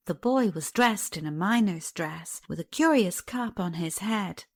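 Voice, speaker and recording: A woman narrating a classic fairy tale audiobook with an expressive, lively reading. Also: on the low side, unhurried, hardly any pauses, no echo, clean studio sound.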